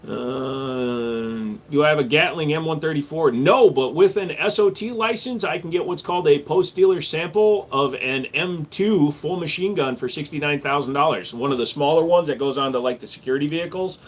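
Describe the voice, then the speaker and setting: A man's voice: fairly high pitch, normal speed. A man hosting a live stream, answering viewer questions in a blunt, matter-of-fact way. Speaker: live stream host and gun store owner.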